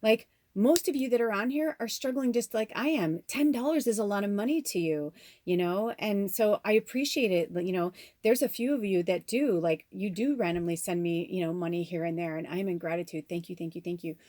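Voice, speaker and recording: A woman's voice: mid-range voice, fairly quick, a little mellow, no room sound, studio quality. A woman tarot reader talking candidly to her viewers in a casual spiritual vlog, emotional and swearing freely. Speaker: tarot reader and channel host.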